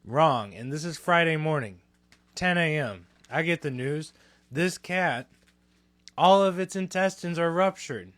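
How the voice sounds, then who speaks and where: A man's voice: on the high side, lively intonation, unhurried, fairly bright tone, no echo. Candid, swearing male podcast host. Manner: candid storytelling, swears freely. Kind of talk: casual chat.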